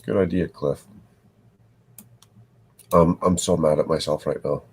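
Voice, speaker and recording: A man's voice: rumbling low, fairly even intonation, measured pace, a little mellow, husky. A man live streaming from his home setup, rambling, swearing and talking to himself as he chats with his viewers. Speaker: live streamer building sets. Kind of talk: casual live-stream talk to chat.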